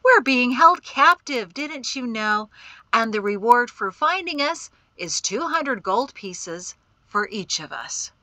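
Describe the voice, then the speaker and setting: A woman's voice: on the high side, lively intonation, takes it slowly, bright, forceful tone, no room sound, voice pushed up, heavily acted. A woman reading an audiobook, voicing a young man who speaks with sarcastic, fake cheer.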